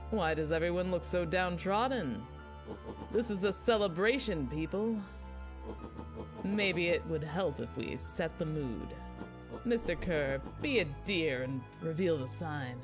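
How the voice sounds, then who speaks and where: A woman voicing a theatrical, scornful villainous man in a low, drawling voice.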